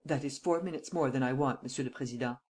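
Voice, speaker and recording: Brief: a reader playing a composed chief detective, a man, dry and deliberate, pitched slightly low. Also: close to an everyday voice. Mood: calm. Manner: calm, measured, dry. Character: calm, cool French chief detective, man.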